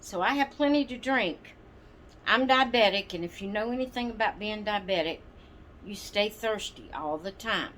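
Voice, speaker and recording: A woman's voice: mid-range voice, expressive, moderate pace, a bit bright, slight background noise. A woman hosting her doll channel, chatting casually and rambling to viewers with plenty of ums and asides. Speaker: doll channel vlog host.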